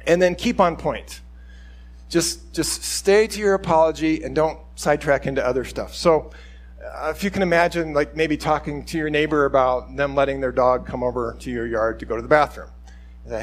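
Middle-aged male pastor, higher-pitched, chatty rambling sermon delivery. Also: normal speed. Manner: conversational, rambling, acts out quoted speech. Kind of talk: informal sermon teaching.

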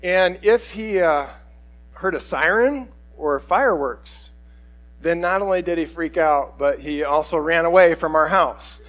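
A middle-aged man preaching a sermon, telling a personal story in a conversational, animated way. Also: a little high, a little slow, low-quality recording. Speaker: pastor.

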